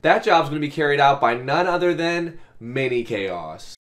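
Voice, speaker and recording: A man with a raspy, hoarse voice from a cold, commenting on a football video game and cheering at plays. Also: on the high side, animated, moderate pace, noisy background. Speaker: gaming commentator. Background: faint background beats.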